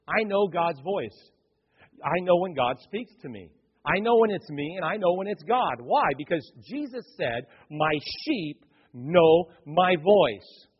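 A male pastor in his forties preaching a sermon, full of rhetorical questions and swinging between loud bursts and hushed asides. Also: on the high side, breathy edge. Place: church sanctuary. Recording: muffled, echoey church hall.

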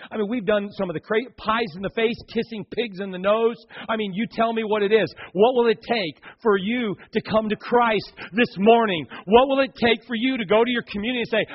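Impassioned male preacher, husky high voice. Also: brisk, hardly any pauses. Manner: dramatic storytelling, swings from hushed to shouting. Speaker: pastor. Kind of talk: sermon. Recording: dull lo-fi recording.

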